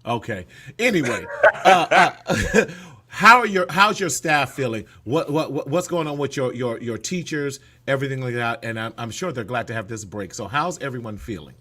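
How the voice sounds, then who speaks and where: A man's voice: mid-range voice, moderate pace. Hyped-up man hosting a talk show. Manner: energetic, hype, loud laughs and whoops. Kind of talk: lively casual show talk. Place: California.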